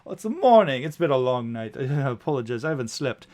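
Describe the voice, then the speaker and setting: A man's voice: medium pitch, sing-song, fast talker, darkish tone, natural voice. A man voicing a chatty, sleepless male sky coach driver who rambles and reassures. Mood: rambling. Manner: rambling, jovial, overly reassuring.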